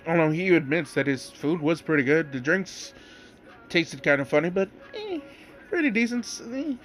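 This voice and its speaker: A man with a slightly high, fairly bright voice casually tells a fan-made story. He sounds amused, rambling with plenty of fillers and asides.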